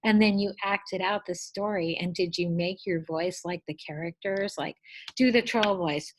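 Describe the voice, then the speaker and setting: A woman teacher giving a gentle, encouraging lesson to young children and asking them questions. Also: lowish voice, normal speed, a little hiss or hum, rough recording.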